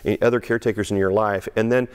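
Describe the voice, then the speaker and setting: A man's voice: steady tone, fast talker, smooth. A middle-aged male pastor preaching a conversational sermon, often restarting and repeating words, and acting out quotes in a raised voice. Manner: acts out quoted speech with raised pitch.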